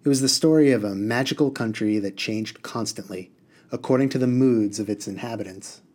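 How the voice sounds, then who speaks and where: A man reading a novel aloud to a class as their teacher, with expressive delivery. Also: lowish voice, a little fast.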